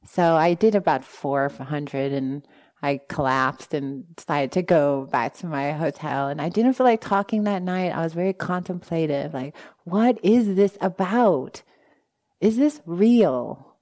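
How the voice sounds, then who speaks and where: Speaking at normal speed in a deep voice, a female meditation teacher tells a personal story during a dharma talk. She throws in lively asides to the audience and acts out what she used to think.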